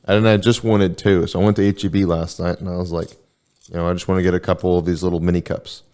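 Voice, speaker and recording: Deep-voiced man in casual podcast chat. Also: little pitch movement, fast, a little mellow. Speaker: podcast co-host.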